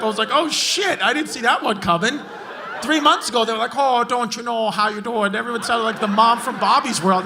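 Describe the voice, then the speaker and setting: A man working a comedy club crowd, brash and profane as he roasts hecklers. His voice sits very high for a man. A lively club audience carries under him throughout. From Brooklyn, New York. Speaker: stand-up comedian. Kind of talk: stand-up crowd work. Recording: live club audience noise. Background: laughing club audience.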